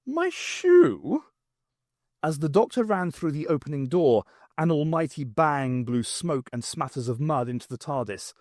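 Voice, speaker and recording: A man reading an unabridged novel aloud in a measured, expressive storytelling manner. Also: on the high side, no room sound, clean studio sound. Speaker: audiobook reader.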